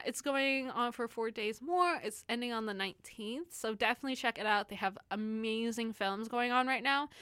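A woman's voice: on the high side, a bit bright, no echo. Giggly young woman rambling on radio. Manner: giggly, rambling, self-deprecating. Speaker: radio show host. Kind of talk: casual solo radio chat.

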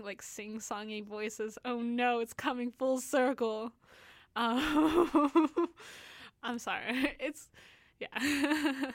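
A woman's voice: a little high, a bit bright, dry recording. A young woman hosting a casual radio chat show, rambling and giggling, often poking fun at herself. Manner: giggly, rambling, self-deprecating.

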